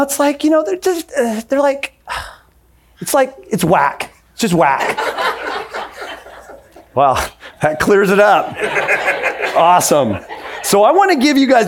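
Conversational preaching man, slightly high voice. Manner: conversational, acts out quoted voices. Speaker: pastor. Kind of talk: sermon.

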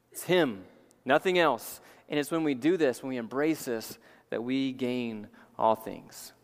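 A man preaches with earnest emphasis, circling back over his key phrases. His voice is smooth and resonant and sits a little high. The church hall gives it a long, ringing reverb. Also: fairly bright tone. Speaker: pastor. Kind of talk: sermon. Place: church sanctuary.

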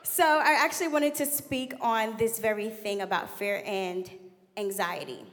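A young adult woman giving a candid, animated sermon as a guest preacher in a church. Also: medium pitch, a little slow. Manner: animated, laughing, candid storytelling. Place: church sanctuary. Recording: long hall reverb.

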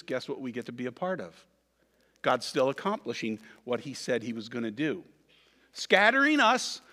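Lively, high-voiced man preaching. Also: long reverb tail. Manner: animated, conversational preaching with frequent asides. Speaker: pastor. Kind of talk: sermon.

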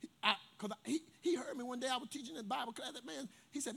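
A man preaches from the pulpit, his voice pitched unusually high with a bright, ringing edge. He tells stories and pulls the congregation into call-and-response. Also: fast talker, vocal fry, breathy edge. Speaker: pastor. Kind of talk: sermon.

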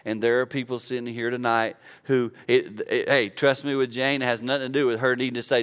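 Casting: man, fifties, pastor, bright crisp voice, earnest conversational preaching. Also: mid-range voice, little pitch movement, fairly quick, hardly any pauses. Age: 50s. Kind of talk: sermon.

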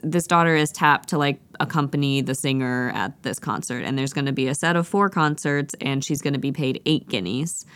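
A woman co-hosting a podcast, telling a long story in a lively, casual way with lots of "like.". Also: a bass voice, brisk, few pauses. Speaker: podcast co-host.

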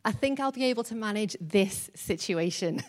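A woman's voice: mid-range voice, lively intonation, normal speed, natural voice. A woman voicing a frazzled, overworked woman who pleads for help and repeats herself in exasperation. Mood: exasperated.

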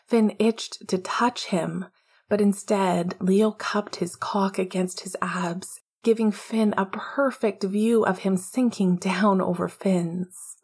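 A woman narrating an audiobook in a hushed, intimate way, often half-whispering. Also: medium pitch, steady tone, slow, husky.

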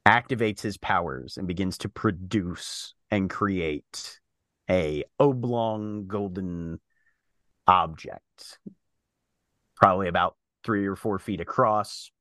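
Slow, low-voiced male game master. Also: fairly bright tone, dry recording. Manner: slow, halting descriptive narration with many fillers. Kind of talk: narrating a tabletop game.

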